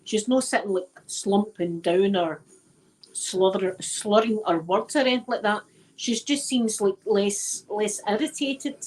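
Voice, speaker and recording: A woman's voice: mid-range voice, unhurried, darkish tone, poor audio. A Scottish woman chatting casually to her livestream viewers from home on her phone, rambling and repeating herself. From Scotland. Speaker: livestream host. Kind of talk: casual chat.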